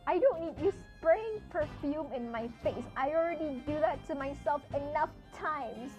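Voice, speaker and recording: A preening game character, a pompous man full of himself, as a woman puts him on. He sounds haughty and affected, with a high voice that swings widely. Music plays underneath. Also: expressive, normal speed, a little mellow. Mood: offended. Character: vain pompous man obsessed with beauty.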